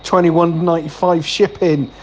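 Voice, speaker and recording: A man's voice: on the high side, flat delivery, moderate pace, a little mellow, muffled recording, a little hiss or hum. A man in improvised comic chat, swearing and sounding mock-outraged.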